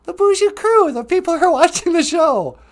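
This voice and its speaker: A man puts on a shrill, cheeky sidekick voice that fires back teasing quips. It sits far above his own voice and leaps around in pitch, with a sassy edge. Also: lively intonation, brisk. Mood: chirpy.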